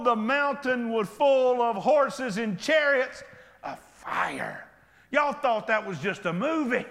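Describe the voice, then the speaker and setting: A man preaching an impassioned sermon, acting out Bible characters and often breaking into shouts. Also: very high-pitched. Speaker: pastor. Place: church sanctuary. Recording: long hall reverb.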